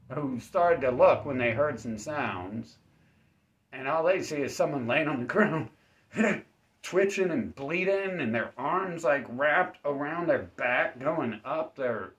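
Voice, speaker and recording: A man hosting his own channel, giving a rambling deadpan comedic monologue that sometimes jumps into high-pitched acted-out voices. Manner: acts out exchanges with sudden high-pitched voices; laughs at his own dark jokes. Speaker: self-defense channel host. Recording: slightly dull, lo-fi recording.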